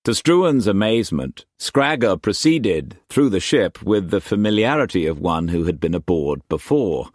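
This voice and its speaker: A man narrating an audiobook in a measured, expressive storytelling manner. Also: deep voice, no echo, clean studio sound. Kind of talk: scripted narration.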